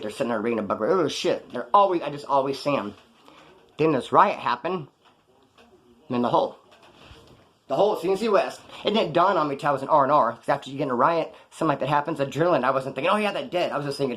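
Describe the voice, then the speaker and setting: A man who served time recounting his prison days in casual storytelling, blunt and profane, with animated jumps in pitch for emphasis. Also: rapid-fire. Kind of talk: casual first-person storytelling.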